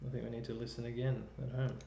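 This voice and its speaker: A man's voice: mid-range voice, little pitch movement, fast talker, gravelly, mellow. A man teaching an online music lesson, explaining step by step and thinking aloud as he works a computer. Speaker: chorus music educator. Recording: roomy, dull lo-fi sound with faint noise.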